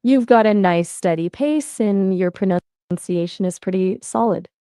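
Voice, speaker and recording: A synthetic-sounding woman's voice as an AI conversation partner, upbeat and playful, with lively jumps in pitch. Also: unhurried, smooth, no room sound, clean studio sound. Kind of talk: chatty voice assistant conversation.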